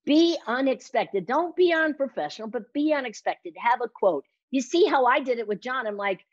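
A woman's voice: on the high side, normal speed, no echo, lo-fi sound. A woman speaking coach talking energetically as an interview guest, acting out little quotes in changing voices. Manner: energetic, acts out quotes with shifting voice. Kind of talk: lively interview talk.

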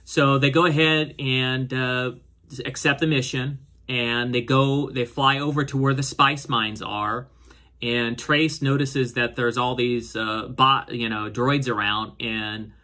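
Man, show reviewer, casual rambling recap, filler-heavy, bright tone. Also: steady tone, slow. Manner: rambling, many fillers and restarts; voices characters' lines with raised pitch. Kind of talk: casual episode recap and commentary.

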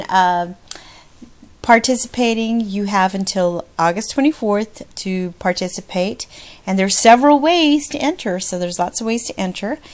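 Bubbly, gushing woman vlogger. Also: medium pitch. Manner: bubbly, gushing, laughs often. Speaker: craft vlogger. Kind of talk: casual chat.

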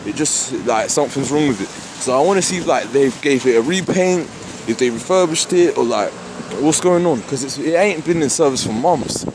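A young man talks fast and slangy into his phone while out bus spotting, his voice sitting a little high. He swears freely and gets excitable. Steady road and traffic noise runs behind him. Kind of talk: casual street vlog. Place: outdoors by a busy road.

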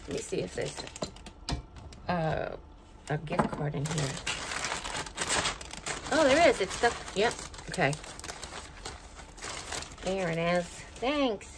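A woman's voice: lowish voice, sing-song, takes it slowly, long pauses, background noise. A middle-aged woman chatting casually at home as she opens and reads fan mail, sentimental and talkative. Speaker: vlogger opening fan mail. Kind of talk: casual unboxing chat. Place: home, indoors.

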